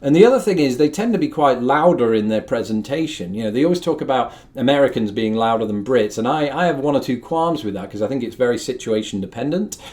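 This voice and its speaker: A young man from the North of England speaks, chatting straight to camera. His voice sits at an ordinary middle pitch, and he drops wry, self-deprecating asides as he goes. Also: expressive, quick pace, hardly any pauses, darkish tone. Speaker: host. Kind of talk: casual chat to camera.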